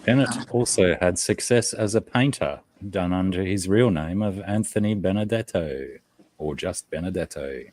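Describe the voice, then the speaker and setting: A man on a casual stream reads short facts aloud between remarks. His voice sits low, and he keeps the delivery plain and conversational. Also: moderate pace, a little mellow. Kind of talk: casual chat.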